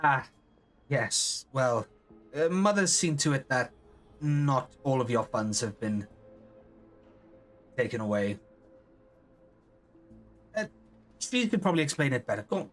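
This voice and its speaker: A man's voice: mid-range voice, expressive, unhurried, long pauses, fairly bright tone, soft background music. A man voicing a dry, teasing young woman who talks matter-of-factly. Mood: wry.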